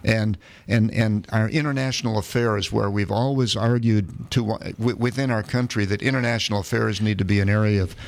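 A man hosting a casual political talk show, speaking haltingly and often repeating words as he searches for his phrasing. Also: fairly low pitch, fairly even intonation, vocal fry. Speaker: podcast host.

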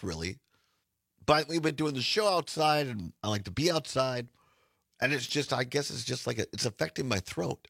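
A male radio talk show host with a hoarse, raspy voice, talking in a casual, halting way with frequent restarts. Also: mid-range voice, pushed and bright, no echo, studio quality.

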